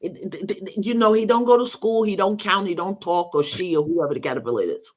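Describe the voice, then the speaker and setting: A woman's voice: fairly low pitch, moderate pace. An older woman, a guest teacher in a spiritual conversation, telling stories expressively, acting out bits of dialogue and laughing often.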